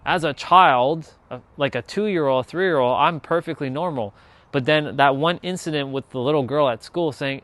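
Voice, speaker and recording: A man's voice: on the high side, normal speed, a bit bright, dry recording. A man telling a personal spiritual story, earnest and rambling, with many restarts and trailing phrases. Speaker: spiritual content creator.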